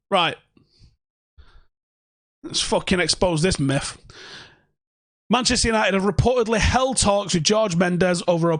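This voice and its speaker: A man's voice: high-pitched, no echo, studio quality. A young man hosting a casual fan livestream from home, ranting and swearing sarcastically. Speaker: fan channel host.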